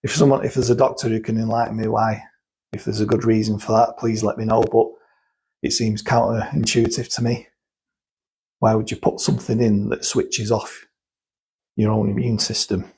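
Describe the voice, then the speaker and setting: A man's voice: on the low side, little pitch movement, normal speed, a little mellow, a little hiss or hum, low-quality recording. A man talking casually and explaining things step by step, thinking aloud and restarting sentences as he goes. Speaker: guest explaining cosmetic chemicals. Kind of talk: casual chat.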